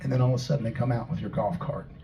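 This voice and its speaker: A man's voice: medium pitch, fairly even intonation, very fast, vocal fry, dull audio, slight background noise. A man from Tennessee, a singer-songwriter telling joking, laid-back stories between songs at a house concert. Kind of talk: live stage banter between songs.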